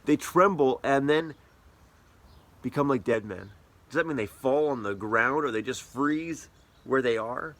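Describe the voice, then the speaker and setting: A playful, conversational pastor. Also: male voice, mid-range voice, unhurried, fairly bright tone. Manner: conversational, playful, asks the listener questions. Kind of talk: sermon.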